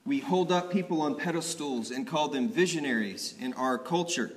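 Preaching at an ordination, a young adult man recounts the story in a vivid, conversational way, his voice a little high and fairly bright. A long reverb from the church sanctuary surrounds him.

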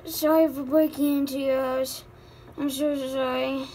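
A woman improvising voices for a homemade movie, halting and stammering with many fillers and sighs. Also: sits high, little pitch movement, noisy background. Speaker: voice actor for a homemade life-sim movie. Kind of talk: improvised amateur voice acting.

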